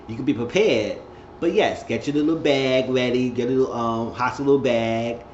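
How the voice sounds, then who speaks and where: Casual male recapper, chatty with bursts of laughter and high-pitched impressions; roomy, muffled home recording. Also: moderate pace. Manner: chatty, laughs often, acts out cast members in high squeals. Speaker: reality show recapper. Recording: roomy, dull lo-fi sound with faint noise.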